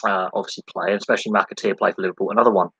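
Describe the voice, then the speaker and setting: A man's voice: sits low, fairly even intonation, rapid-fire, fairly bright tone, slightly rough, no room sound, rough recording. A man from England hosting a solo live sports podcast. He rambles, repeats himself and often restarts his sentences. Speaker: podcast host.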